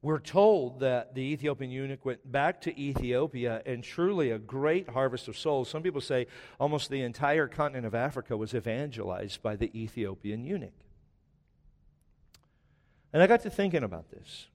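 Pastor, male, 40s, mid-pitched, chatty storytelling sermon with humor, big hall reverb. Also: expressive, moderate pace, darkish tone. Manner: conversational storytelling with joking asides. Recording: long reverb of a large hall.

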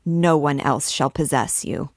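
A woman's voice: deep voice, unhurried, dry recording, clean studio sound. A woman reading the lines of a jealous, scheming middle-aged archdeacon, menacing and solemn. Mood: grim.

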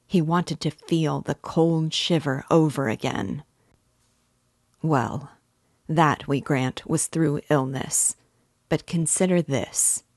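A woman voicing a shrewd middle-aged male magistrate who presses his point in a measured, quietly insistent way. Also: low-pitched, dry recording, studio quality, exaggerated voice. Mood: probing.

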